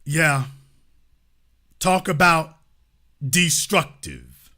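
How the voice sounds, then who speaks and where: A man hosting a political commentary show, speaking emphatically with rhetorical questions and drawn-out stresses. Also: on the high side, animated, sharp tone.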